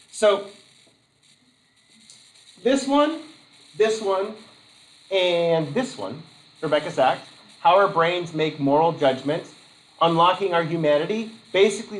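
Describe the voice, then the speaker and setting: A man's voice: on the high side, low-quality recording. A man from Vermont giving a casual college lecture, rambling with jokey asides.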